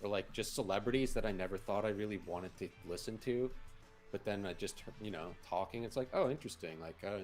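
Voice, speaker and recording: Brief: man, lowish voice, casual stream co-host, rambling and restarting. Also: fairly quick, faint music behind.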